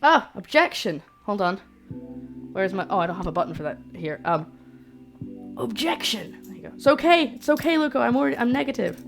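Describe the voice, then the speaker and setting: A young woman from the UK chatting casually on a cooking livestream, reading out recipe steps and reacting to her chat with excited disbelief, talking into a streaming mic in her home kitchen. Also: medium pitch, racing, creaky. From United Kingdom. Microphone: streaming microphone. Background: guitar music.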